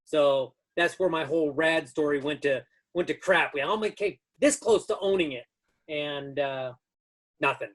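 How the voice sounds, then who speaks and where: A man's voice: fairly high pitch, moderate pace. A man in his fifties telling stories as a guest in an interview, rambling through anecdotes with many restarts. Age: 50s. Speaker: guest, stunt rigger. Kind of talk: casual storytelling.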